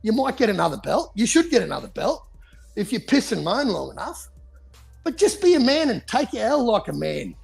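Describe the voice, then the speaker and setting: A man rants about boxing in a gravelly, husky voice, his pitch swinging up and down. He swears constantly and keeps up a heated, casual chat. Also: very animated, brisk, a little mellow, faint music behind. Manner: profane, heated ranting. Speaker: podcast co-host.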